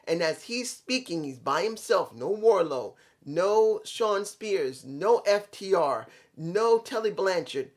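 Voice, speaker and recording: A man's voice: high-pitched, lively intonation, slow pace, hardly any pauses. Male wrestling fan commentator, casual rambling monologue. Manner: rambling, self-correcting storytelling. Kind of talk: fantasy booking monologue.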